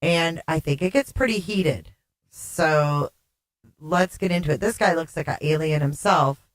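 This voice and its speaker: A woman with a somewhat low voice hosts a casual livestream and chats easily with her audience, reading their comments aloud. Her sound comes through oddly warbly and echoey. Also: unhurried. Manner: chatty, reads viewer comments aloud, laughs often. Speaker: livestream host.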